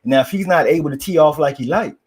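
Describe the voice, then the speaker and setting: Male boxing pundit with a fairly high voice, loose and rambling. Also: fast talker, a little mellow, slightly rough. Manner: rambling, fillers, slangy. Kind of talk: casual boxing chat.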